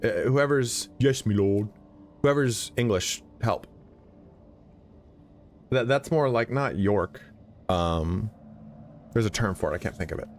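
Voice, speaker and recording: A man's voice: fairly low pitch, measured pace, pauses often, slight background noise. A young man streaming a video game, chatting casually and sleepily, rambling with lots of "like" and swearing. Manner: rambling, profane, heavy use of "like". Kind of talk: casual live-stream chat while gaming.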